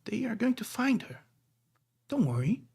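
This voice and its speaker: A man voicing a calm, reassuring Vistani uncle in a tabletop game. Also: very high-pitched, moderate pace, creaky, breathy edge, pitched above the performer's own voice, full character voice. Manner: soothing, reassuring.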